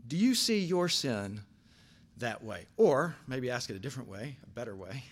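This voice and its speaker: An older man preaching a sermon, telling stories with big swings from quiet asides to shouted lines. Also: medium pitch, normal speed. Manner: animated storytelling, swings from soft asides to shouting. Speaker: pastor.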